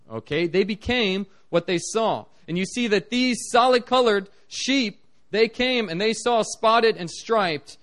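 A man preaching a sermon as a missionary, telling stories in an animated way with big swings in his voice. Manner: animated storytelling, lively pitch swings.

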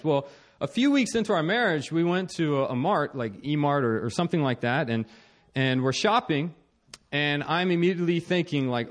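A young man with a slightly higher voice tells a personal story about married life. He pokes fun at himself, stumbles over his words and restarts a lot, and keeps the telling lively. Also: moderate pace. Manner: animated, self-mocking, many restarts and laughs. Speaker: speaker sharing a marriage story.

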